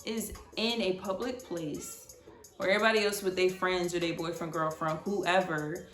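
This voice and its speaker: Young woman, twenties, blunt and animated storyteller, casual vlog, roomy echoey sound. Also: on the low side, normal speed, faint music behind. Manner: animated, blunt, swears freely. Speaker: vlogger.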